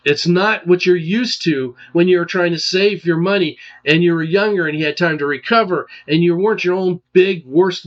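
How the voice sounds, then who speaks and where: A man, a financial advisor, explaining retirement charts in an emphatic way and checking understanding with "okay?" and "all right?". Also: high-pitched. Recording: dull lo-fi sound.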